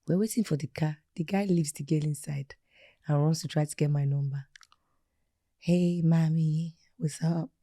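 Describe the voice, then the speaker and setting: A woman in her thirties, a guest in a casual chat, telling stories in an animated, emphatic way. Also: low voice, fairly quick, no room sound, clean studio sound. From Nigeria.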